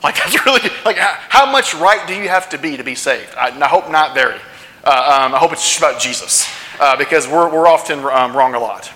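A man's voice: medium pitch, brisk, sharp tone, slight background noise. A man preaching a sermon to his congregation in a conversational way, often checking in with questions. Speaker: pastor. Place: church sanctuary. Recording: long church hall reverb.

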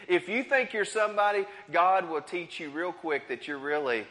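A man preaching a sermon, dramatic and repetitive, swinging between loud and hushed. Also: high-pitched, moderate pace, few pauses, long reverb tail.

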